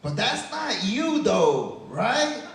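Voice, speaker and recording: A man's voice: high voice, very animated, very slow, fairly bright tone. A young man from Chicago doing a casual stand-up set, tagging lines with "man" and "right?". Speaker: stand-up comedian. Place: comedy club stage. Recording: echoey club heard from a distance.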